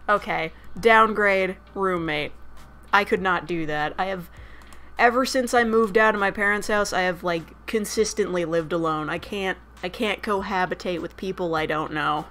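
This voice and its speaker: A woman's voice: on the low side, moderate pace, a bit bright, slight background noise. A woman streaming a dating sim, chatting casually, swearing freely and reading the game text aloud between her asides. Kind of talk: casual gameplay commentary.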